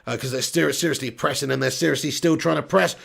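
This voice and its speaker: A man talks through a live football match for his viewers, reading their comments and swearing casually. His voice sits high for a man and has a rough, gravelly edge. When a chance comes he jumps into fast, excited play-by-play. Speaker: watch-along host.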